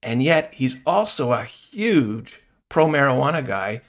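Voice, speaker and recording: A man's voice: mid-range voice, very animated, measured pace. A man hosting an interview, asking easygoing, folksy questions with small hesitations. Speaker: podcast interviewer. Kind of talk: conversational interview.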